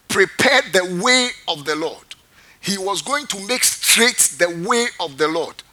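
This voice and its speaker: Male pastor, unhurried, sharp bright tone, keeps quizzing the congregation and repeating lines. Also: high-pitched. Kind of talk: sermon with call-and-response.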